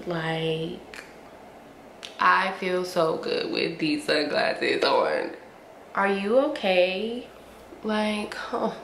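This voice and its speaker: A young woman gushes over her finds to camera, slangy and playful, stretching her hums and words out slowly. Her voice sits a little low, a touch sniffly, and the room gives it a noticeable echo over a faint hiss. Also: lively intonation, a bit bright. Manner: gushing, playful, drawn-out hums and slangy asides. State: sniffly from allergies. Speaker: beauty and fashion vlogger. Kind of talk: casual haul review to camera. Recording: roomy echo with faint ambient noise.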